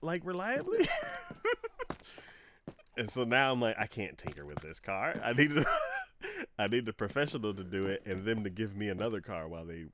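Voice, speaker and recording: Male streamer, young adult, deep voice with big pitch swings; chatty storyteller who voices both sides of a conversation. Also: huge pitch swings, normal speed, long pauses, fairly bright tone, slight background noise. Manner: frequent laughs and filler words. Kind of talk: casual chat while live-streaming a game.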